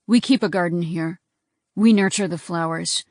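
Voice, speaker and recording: A woman's voice: normal speed, a little mellow, no room sound, clean studio sound, natural voice. Woman voicing a bored, sarcastic male captor. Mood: menacing. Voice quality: deep voice. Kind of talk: audiobook reading.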